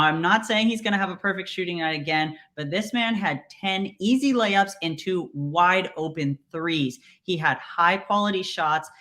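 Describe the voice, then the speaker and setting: Male analyst, bright voice, brisk stat-driven delivery. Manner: brisk, stat-heavy pitch. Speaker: sports betting analyst. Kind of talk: making betting picks on a show.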